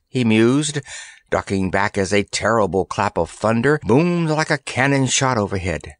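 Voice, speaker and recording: A man narrating a children's fantasy story in an expressive, animated storytelling manner. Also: fairly low pitch, unhurried, no room sound, studio quality. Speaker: audiobook narrator.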